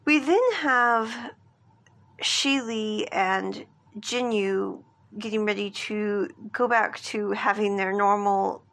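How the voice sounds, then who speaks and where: A woman's voice: mid-range voice, takes it slowly, creaky, a bit bright. A woman casually recapping a drama, chatty and rambling, often stepping back to give her own opinion. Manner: chatty, rambling, self-referring in third person. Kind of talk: casual chat.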